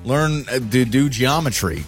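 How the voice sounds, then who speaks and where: Joking, excitable male radio co-host. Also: mid-range voice, a little slow, soft background music. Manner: joking, gets loud and worked up. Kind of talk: casual radio banter.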